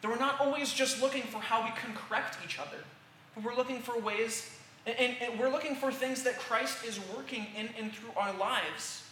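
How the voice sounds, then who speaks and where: A man's voice: very high voice, steady tone, moderate pace, bright, forceful tone. Earnest preacher man in an echoey room. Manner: earnest, repeats "all right?" often, many restarts. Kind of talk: sermon. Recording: roomy echo with faint background hiss.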